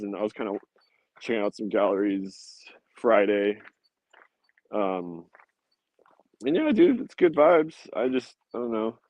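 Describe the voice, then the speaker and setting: A man's voice: mid-range voice, darkish tone, no echo, low-quality recording. A young man talking to viewers in a loose, rambling monologue, swearing freely and slipping into rants. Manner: profane, laid-back, ranting.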